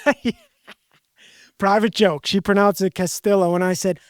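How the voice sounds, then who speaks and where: A man's voice: sits high, fairly even intonation, unhurried, no echo, clean studio sound. A man hosting a podcast, talking candidly in a rambling, self-deprecating way. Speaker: podcast host. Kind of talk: casual podcast conversation.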